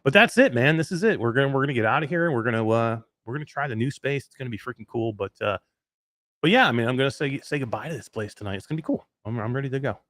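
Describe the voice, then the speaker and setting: A man with a New York accent hosts a live podcast from his home. He rambles excitedly, full of fillers and restarts. The sound is close and dry. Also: medium pitch, very fast, dry recording. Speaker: host. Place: emptied home den.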